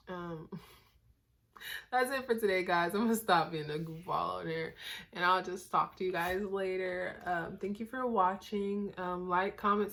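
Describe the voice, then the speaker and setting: Young woman vlogger, lowish voice, rambling with fillers, tired and goofy. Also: fairly bright tone. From Northern California. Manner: goofy and tired late at night. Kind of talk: casual storytelling to camera.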